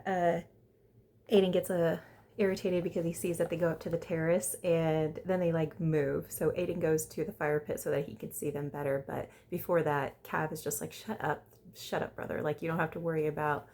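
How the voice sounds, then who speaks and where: A woman's voice: deep voice, level tone, a little fast, a little mellow. A woman recapping a reality dating show in a chatty, opinionated way, acting out the cast's lines as she goes. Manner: chatty and opinionated, quoting cast members in put-on voices. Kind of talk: casual recap chat.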